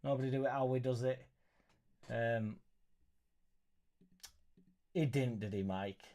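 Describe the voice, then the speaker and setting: A young man hosting a live football reaction stream, reading viewer messages in an excitable, sweary, joking way. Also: medium pitch, slow pace. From Leeds, England. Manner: excitable, sweary, banter-filled. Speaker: football fan channel host.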